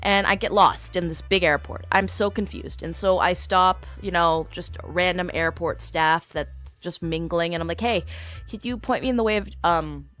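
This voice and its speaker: Over faint background music, a young female streamer speaks in a lowish voice at normal speed. Casually and with animated exasperation, she recounts a trip, performing the dialogue of the people she encountered.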